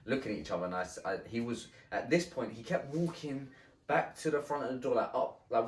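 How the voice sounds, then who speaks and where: A man telling a story in casual podcast chat, halting and swearing, with many restarts. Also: on the low side, lively intonation, a little hiss or hum. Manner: halting and profane, with frequent restarts. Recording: roomy sound from a distant mic.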